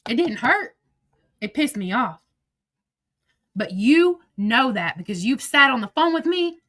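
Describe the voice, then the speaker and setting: A woman's voice: high voice, sing-song, measured pace, fairly bright tone, no room sound, studio quality. A woman hosting a livestream, ranting angrily and emotionally with lots of swearing and repetition into a phone. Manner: angry, profane, emotional, repeats herself. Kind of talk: heated livestream rant.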